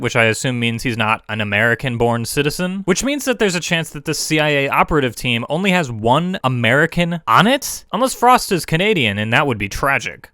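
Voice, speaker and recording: A man giving a mocking, sarcastic movie review with deadpan asides, recorded as a close voice-over. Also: medium pitch, no room sound. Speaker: YouTube film critic.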